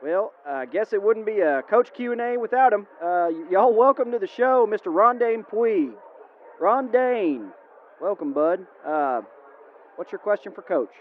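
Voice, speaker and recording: A man's voice: sits high, lively intonation, measured pace. A man hosting a comedic live Q&A, folksy and drawling as he wrangles the crowd. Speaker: emcee host. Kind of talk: comedic live-show emcee. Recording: lo-fi phone-like audio with faint hiss.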